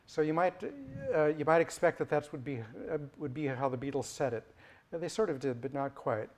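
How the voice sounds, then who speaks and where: A man giving an academic lecture, halting and restarting often with many fillers. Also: on the high side.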